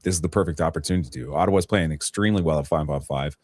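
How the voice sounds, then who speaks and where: A man's voice: very deep voice, rapid-fire, dry recording. A man co-hosting a sports radio show, analytical and rattling on with lots of "like". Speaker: co-host. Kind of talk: casual sports radio chat.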